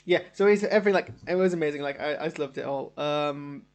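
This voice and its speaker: A man hosting a live reaction stream from a home studio, his voice sitting a bit on the high side. He talks in long, rambling runs, eager and enthusiastic throughout. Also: fast talker, a little mellow, dull audio. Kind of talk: live casual show reaction.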